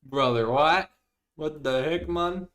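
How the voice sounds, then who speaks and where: A man's voice: on the high side, takes it slowly, a bit bright. Chatty young male streamer. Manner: chatty, reads viewer messages aloud, laughs often. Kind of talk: casual live-stream chat.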